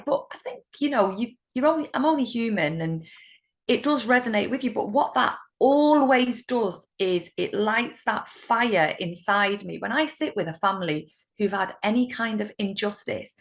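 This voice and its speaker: Middle-aged british lady solicitor, bit of fry in her voice, chatty storytelling. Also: mid-range voice, moderate pace. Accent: British English. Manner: warm, animated storytelling with laughs. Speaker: solicitor, interview guest. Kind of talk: conversational interview.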